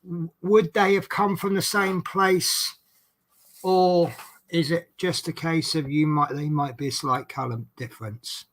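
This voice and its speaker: A man's voice: a little high, fairly even intonation, a little slow, a bit bright. A man chatting casually while doing a craft hobby at home, joking at his own expense and asking viewers questions. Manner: chatty, self-deprecating joker. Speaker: vlogger, coach driver. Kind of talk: relaxed craft vlog chat.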